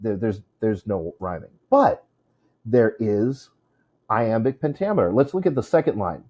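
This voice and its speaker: A man's voice: lowish voice, animated, measured pace, lo-fi sound. A man teaching a casual lesson on poetry, chatty, with many fillers, stopping to correct himself. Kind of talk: informal classroom lesson.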